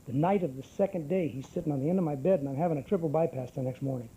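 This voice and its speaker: A man's voice: a little high, racing, dark tone, breathy edge, poor audio. A middle-aged man giving a brash, wisecracking personal testimony at a recovery group meeting. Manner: brash, salty storyteller with wisecracks.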